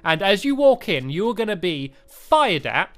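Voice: mid-range voice, unhurried. A gaming host playing a game and acting a fussy ice cream shopkeeper in playful role-play. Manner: animated, laughing, playful shopkeeper bits.

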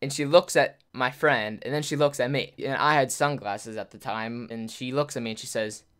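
Smooth-voiced young man telling a story. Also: medium pitch, normal speed, fairly bright tone. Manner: rambling, many "like" fillers, acts out quotes. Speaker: YouTuber. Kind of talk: casual storytelling.

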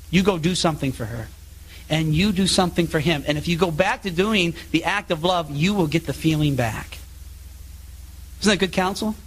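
A man giving a public Bible talk as a traveling speaker, telling anecdotes in an animated way and acting out the voices of the people in his stories. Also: on the high side, poor audio. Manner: animated storytelling, acts out quoted voices.

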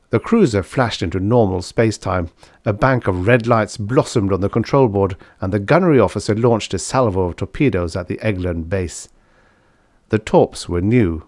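A man with a low voice reads a story aloud at a steady, measured pace. His audiobook narration is recorded close to the mic, with a dry sound and no room echo.

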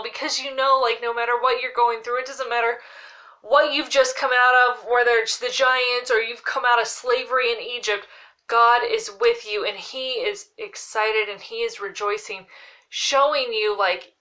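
Woman doing a chatty bible study vlog, sincere, kinda high and really bright. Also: steady tone, normal speed. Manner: earnest and heartfelt, fillers like "like". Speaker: Bible teacher, show host. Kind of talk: casual devotional Bible teaching to camera.

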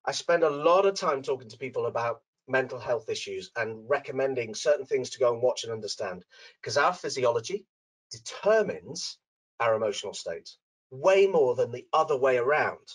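A man's voice: animated, normal speed, rough recording. A middle-aged man presenting a webinar from home, telling stories and acting out the people in them. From Liverpool, England. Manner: acts out characters in his anecdotes with big pitch swings. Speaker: dental coach and webinar presenter. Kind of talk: animated webinar talk with storytelling. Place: room at home.

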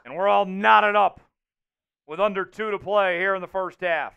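A man hosting a livestream and calling the plays of a simulated football game, reading names from the chat and getting loud on big plays. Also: high voice, moderate pace, vocal fry, smooth, phone-quality sound, faint music behind. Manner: excitable, shouts out chat names and hypes touchdowns. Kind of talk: live play-by-play commentary.

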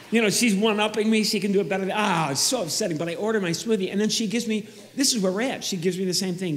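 A man doing a stand-up comedy routine, telling animated stories and acting out the people in them. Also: sits high, fast, hardly any pauses, slight background noise. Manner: animated storytelling, acts out other people.

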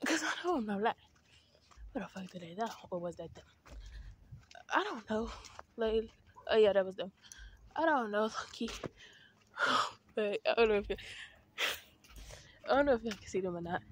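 Speaking to her viewers as y'all, a teenage vlogger rambles breathlessly during an outdoor walk, chatty and freely profane. Her mid-range voice sounds animated yet unhurried, with frequent pauses and a little hiss or hum in the recording.

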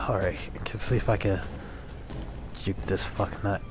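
A man's voice: low voice, fairly even intonation, a little slow, noisy background. A man commentating a horror game, muttering to himself and breaking into profane, panicky outbursts. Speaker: gamer playing a horror game. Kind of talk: let's play commentary.

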